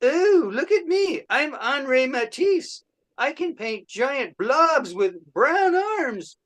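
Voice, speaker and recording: A man putting on a squeaky, sing-song voice for a smug, leering male painter, over a video call. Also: very animated, slow pace, fairly bright tone, full character voice.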